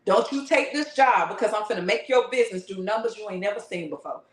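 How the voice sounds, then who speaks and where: A woman voicing a loving divine spirit that softly coaxes and pleads with its child, calling them baby. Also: mid-range voice, expressive, fast, pitched below the performer's own voice, lightly acted. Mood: pleading. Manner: soft, coaxing, calls the listener baby. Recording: roomy echo.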